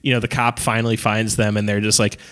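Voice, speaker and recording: A man's voice: on the low side, level tone, quick pace, a bit bright. A man on a podcast casually recapping a movie plot, rambling with lots of fillers and laughing as he retells scenes. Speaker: podcast co-host.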